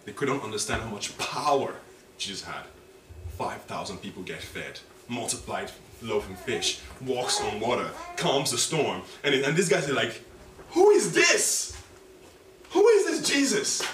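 A man preaching a sermon in a church, animated and dramatic, repeating key phrases and drawing responses from the congregation. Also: on the low side, moderate pace. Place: church hall. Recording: echoey hall, distant mic, background noise.

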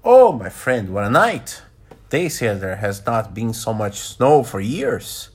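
A genial, formal older gentleman from a storybook, speaking in a lively voice, as a man reading aloud puts him on. His tone is a touch husky. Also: fairly low pitch, takes it slowly, pitched below the performer's own voice, exaggerated voice. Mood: friendly.

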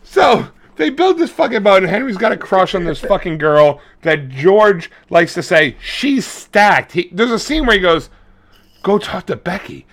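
A man in his forties co-hosting a podcast, retelling a movie in crude casual chat, swearing constantly and acting out characters. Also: unhurried. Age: 40s. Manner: profane, animated, acts out characters in high squeaky voices. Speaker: podcast co-host.

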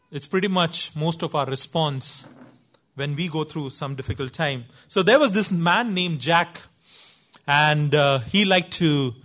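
A man's voice: fairly high pitch, a bit bright. A man preacher giving a sermon, telling a story in an earnest, emphatic way.

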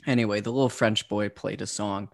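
A man's voice: fairly low pitch, fairly even intonation, a little fast, creaky, no echo, studio quality. A man co-hosting a podcast, chatting casually with strong opinions and joking asides. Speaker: podcast co-host. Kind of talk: casual chat.

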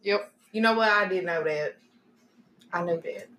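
A woman's voice: on the low side, normal speed, fairly bright tone. A young woman answering trivia in casual chat, joking and playful. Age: young adult. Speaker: guest. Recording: echoey room with faint ambience.

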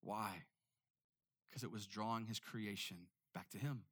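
A man preaching a sermon in an animated way, often repeating words when making a point. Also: fairly low pitch, measured pace, breathy edge. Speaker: pastor.

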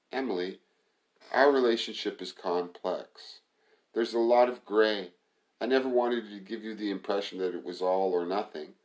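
A man's voice: lowish voice, close to an everyday voice. A man reading as a weary, guilt-ridden young woman.

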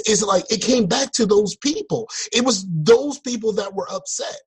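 A man co-hosting a podcast in casual chat, talking in animated, exasperated rants over a remote call. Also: high voice, normal speed, breathy edge, poor audio. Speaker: podcast co-host. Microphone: remote call mic.

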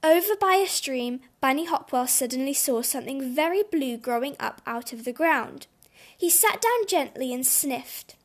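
A woman reading a children's storybook aloud in a gentle, expressive way. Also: high-pitched, moderate pace.

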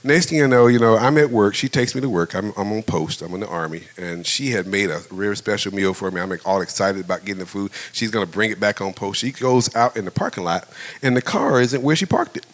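A man's voice: fairly low pitch, fast talker. Middle-aged preacher guy, chatty sermon, laughs a lot, swings his voice up and down telling stories. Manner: conversational, animated, laughs often, acts out voices. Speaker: pastor. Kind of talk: storytelling sermon.

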